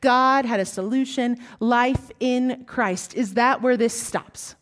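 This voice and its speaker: Southern woman preaching, slow and emphatic. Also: on the high side. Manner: emphatic, swings between rising exclamations and hushed asides. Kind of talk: sermon.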